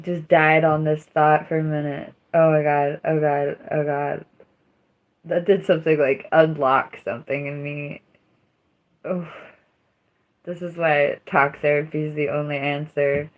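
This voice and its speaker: Low-voiced woman rambling on a livestream. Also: fairly even intonation, unhurried, pauses often, narrow, tinny audio. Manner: rambling, self-mocking, dramatic outbursts. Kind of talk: casual livestream chat.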